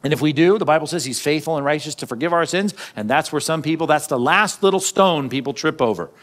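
This pastor speaks quickly and chats easily with the congregation as he preaches, his voice a touch high for a man. Quotes get acted out as he reads them, and he tosses in playful asides.

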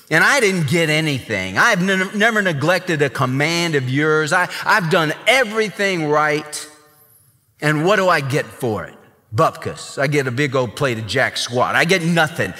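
A man's voice: fairly high pitch, sharp tone, big-room sound. A man playing a bitter, self-righteous grown son who gripes resentfully at his father. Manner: resentful, disrespectful griping.

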